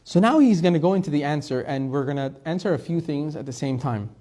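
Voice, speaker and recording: High-voiced rabbi telling a story. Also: male voice, animated, fast talker, mellow. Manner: storytelling with Hebrew quotes; conversational, asks and answers own questions. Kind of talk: Torah class.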